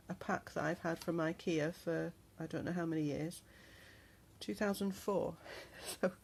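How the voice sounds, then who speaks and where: Woman flipping thru a craft journal, low gravelly voice, chatty with lots of ums, slight hiss behind. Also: a little mellow. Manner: chatty, unhurried, many ums. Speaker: crafter showing a handmade journal. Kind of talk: casual show-and-tell vlog.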